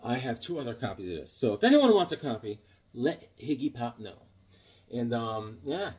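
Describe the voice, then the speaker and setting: A man's voice: medium pitch, sing-song, moderate pace, a little mellow, breathy edge. A man casually chatting about his comic collection, rambling and joking, with fillers along the way. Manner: chatty, jokey, rambling with fillers and put-on voices in anecdotes. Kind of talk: casual chat.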